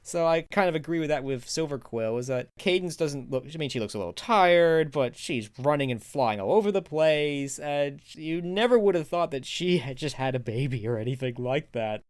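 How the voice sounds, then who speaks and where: Man, fairly high voice, dry close sound; casual rambling reviewer who laughs a lot. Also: moderate pace, hardly any pauses, clear, resonant tone, no echo. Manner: rambling, chatty, laughs often; animated, swings into high excited quotes. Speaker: video reviewer.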